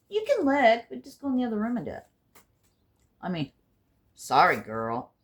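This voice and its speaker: A woman giving a casual spiritual card reading to her viewers. She rambles and swears freely, and swings between loud bursts and hushed asides. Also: fairly high pitch, wildly swooping pitch, normal speed, pauses often. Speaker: intuitive card reader and healer.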